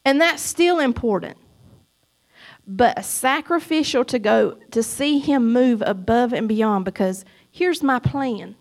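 A middle-aged woman giving a church testimony, emphatic and preachy, swinging between loud cries and soft asides. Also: on the high side, expressive, unhurried.

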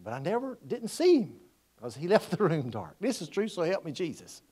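Folksy preacher, loud and soft. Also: male voice, high-pitched, wildly swooping pitch, moderate pace, slightly rough. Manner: folksy, swings from quiet asides to loud exhortation. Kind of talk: storytelling sermon.

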